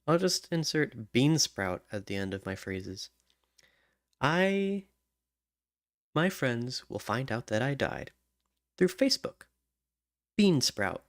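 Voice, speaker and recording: A man writing song lyrics alone, muttering to himself, humming melodies and trying out rhymes, halting as he thinks. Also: mid-range voice, very animated, no room sound, studio quality. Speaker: songwriter.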